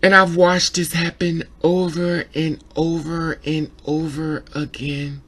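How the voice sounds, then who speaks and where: A man with a rough, gravelly voice that sits a little high for a man. He talks through a documentary in an emotional vlog, circling back on his points and tripping over his words when he gets worked up. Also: level tone, slow, a bit bright. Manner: emotional, repetitive, stammers when upset. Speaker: vlogger reviewing a documentary.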